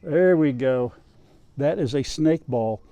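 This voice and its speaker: A man's voice: medium pitch, animated, slow pace, mellow, no room sound, low-quality recording. An older man chatting casually outdoors on his farm, talking to his dogs and to the camera as he goes. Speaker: farm vlogger.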